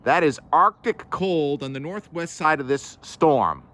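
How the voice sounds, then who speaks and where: A man's voice: fairly high pitch, lively intonation, unhurried, sharp tone. A man hosting a casual weather talk, rambling and correcting himself as he goes. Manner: chatty, rambling, self-correcting asides. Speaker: weather show host.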